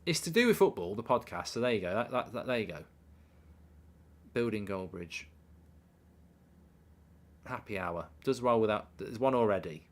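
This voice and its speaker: A man hosts a live football watchalong stream, giving casual commentary and reading out viewer messages. His voice is on the low side with lively intonation, a moderate pace and frequent pauses. He rambles, mocks himself and riffs on ideas.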